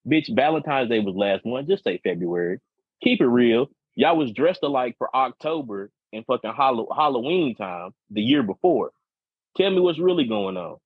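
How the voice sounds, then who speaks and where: A man's voice: medium pitch, animated, normal speed, slightly rough, dry recording. A man co-hosting a casual podcast, telling a profane story at length and often repeating words as he talks. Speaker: podcast co-host. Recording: dull lo-fi podcast audio.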